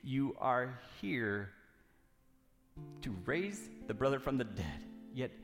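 A man's voice: medium pitch, big pitch swings, takes it slowly. Man preaching in a reverberant hall over guitar music, reads scripture, then gets fired up with repeated lines. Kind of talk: sermon with Bible reading.

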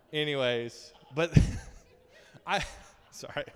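A male preacher giving a sermon, telling funny personal stories in an animated, self-deprecating way, often laughing at himself. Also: a little high, unhurried, clean tone. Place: large church hall. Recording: long hall reverb.

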